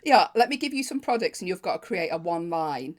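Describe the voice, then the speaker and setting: A woman co-hosting a casual podcast, chipping in with quick, amused comments. Her pitch moves around a lot as she reacts to her partner's stories. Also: sing-song. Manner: quick reactions, laughing asides. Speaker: podcast co-host.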